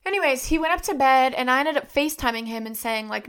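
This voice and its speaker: A woman's voice: sits high, fast talker, few pauses, a bit bright, clean tone. A young woman hosting a podcast, telling a personal story in a conversational way, with frequent fillers and "like". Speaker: podcast host.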